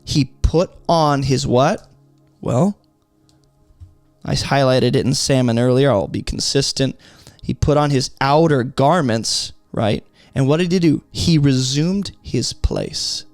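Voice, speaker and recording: A man walks through a Bible passage verse by verse, with a gravelly edge to his mid-pitched voice. He explains each point emphatically and keeps asking his listeners rhetorical questions. It is recorded close and dry, with faint music underneath. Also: takes it slowly, darkish tone, no echo. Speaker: Bible teacher.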